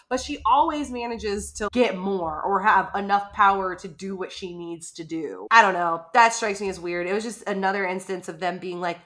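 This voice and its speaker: A woman co-hosts a casual book podcast, chatting in a lively way and slipping into quoted voices. Her tone is bright and forward. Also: mid-range voice, normal speed, few pauses. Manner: chatty, animated, acts out quotes. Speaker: podcast co-host.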